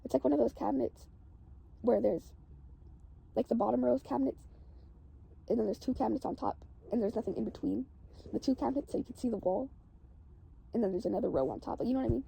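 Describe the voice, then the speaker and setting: A woman's voice: a little high, fast, gravelly, pauses often, dark tone, husky. A woman casually recounting a dream, rambling and saying "like" constantly.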